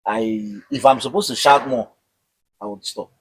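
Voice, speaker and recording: A man's voice: mid-range voice, moderate pace, low-quality recording. A man being interviewed with his wife, explaining at length in casual chat, often repeating words and asking "you understand?". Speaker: interviewed husband.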